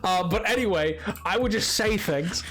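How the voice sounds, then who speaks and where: A young man streaming a game, chatting casually with viewers and telling stories in an animated way with frequent laughter. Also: high-pitched, normal speed, a little hiss or hum. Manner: animated storytelling, laughs often, mocking voices. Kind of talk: casual live-stream chat while gaming.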